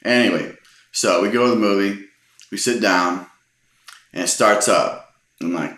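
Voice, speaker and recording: A man in his forties casually telling a funny personal story, relaxed and amused, often restarting his sentences. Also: on the low side, unhurried, long pauses. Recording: roomy echo.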